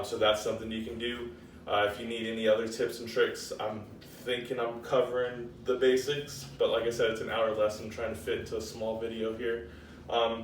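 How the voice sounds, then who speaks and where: A man's voice: mid-range voice, roomy sound, distant mic, a little hiss or hum. A man working as a dog trainer, casually explaining his method with many ums and short commands.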